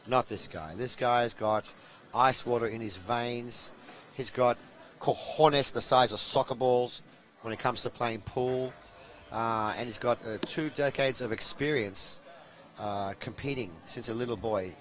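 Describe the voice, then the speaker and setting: A man's voice: medium pitch, a little slow, fairly bright tone, rough recording. A young adult man giving chatty, jokey live commentary on a pool match.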